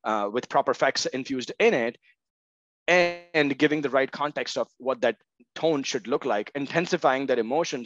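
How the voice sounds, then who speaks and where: A man's voice: medium pitch, no room sound, muffled recording. A man speaking as an interview guest in casual conversation, hedging with fillers and often asking "right?". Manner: many fillers, frequent "right?" checks. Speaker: guest, marketing tech co-founder.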